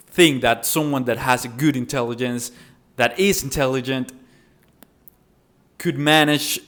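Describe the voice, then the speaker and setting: A man's voice: medium pitch, a bit bright. A man whose first language is Spanish gives casual instructional talk on public speaking, addressing the viewer directly and often correcting himself. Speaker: self-improvement vlogger teaching public speaking.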